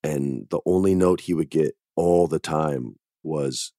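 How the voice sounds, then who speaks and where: A man's voice: extremely low pitch, a little slow, hardly any pauses, dark tone, dry recording, clean studio sound. A man hosting a podcast, telling stories in a laid-back casual chat, dropping dude and man. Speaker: podcast host.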